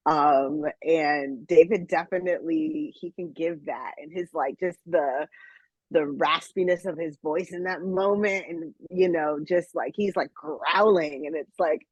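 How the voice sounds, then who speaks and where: Husky woman on a dull dry line. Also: a little slow, dry recording. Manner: gushing, laughs, acts out quotes in high squeals. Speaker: podcast co-host. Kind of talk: casual chat.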